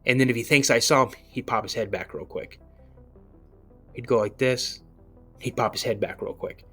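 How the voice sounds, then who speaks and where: A man's voice: mid-range voice, steady tone, moderate pace, pushed and bright, slightly rough, faint music behind. A man as a podcast guest, telling his own story in a casual, earnest, rambling way and repeating himself for emphasis. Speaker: guest recounting an encounter. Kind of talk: casual first-person storytelling.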